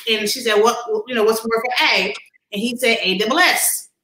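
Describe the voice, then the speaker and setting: A woman's voice: on the high side, fairly quick, reverberant, rough recording. A woman guest telling a story in a casual chat, acting out the voices of the people in it. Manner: animated, acts out voices.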